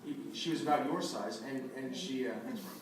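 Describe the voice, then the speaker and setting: A man in his thirties, a voice actor at a convention panel, telling a story in an animated way and acting out the quotes. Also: mid-range voice, fairly quick, slight background noise. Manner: animated anecdotal, acts out quotes. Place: large convention hall. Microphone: phone camera from the audience. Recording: echoey hall from far off, phone audio.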